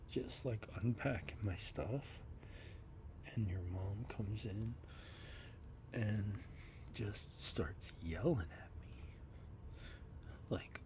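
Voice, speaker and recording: A man in his fifties leaving a slow, rambling, upset voice message from a basement, often dropping to a whisper. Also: fairly low pitch, background noise. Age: 50s. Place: basement of a house.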